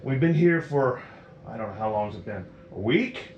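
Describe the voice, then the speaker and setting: A man voicing a large, wounded male dwarf leader in a tabletop game, speaking in a plain, steady voice. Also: mid-range voice, moderate pace, muffled recording, natural voice. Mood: weary. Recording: roomy echo, faint noise.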